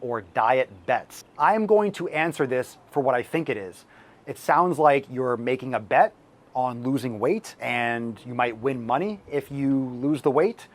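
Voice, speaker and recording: A man hosting a fitness channel and answering viewer questions, blunt and profane and ranting at times, his voice slightly hoarse as he loses it. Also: medium pitch, animated, unhurried.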